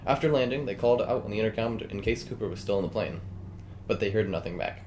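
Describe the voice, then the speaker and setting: A man's voice: fairly low pitch, slight background noise. A man co-hosting a podcast, reading a true-crime story aloud between casual banter with friends. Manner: quick, reads script in steady storytelling cadence. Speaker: podcast co-host narrating the story. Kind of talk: casual podcast chat and read narration.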